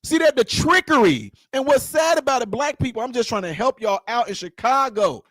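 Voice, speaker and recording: A man holds forth in a heated political rant to his viewers. His voice sits high for a man and is captured in a dry, close space with no room sound. He talks confrontationally, circling back to the same lines and challenging the listener with question after question. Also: lively intonation, a little fast, a bit bright, no room sound. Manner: confrontational, repetitive, rhetorical questions. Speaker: political commentator.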